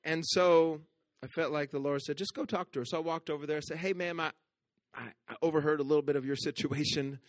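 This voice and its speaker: A man preaching a sermon. He tells a story with playful asides and drops to a soft, hushed voice for the tender moments. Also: fairly high pitch, steady tone, a little fast, dry recording. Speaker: pastor.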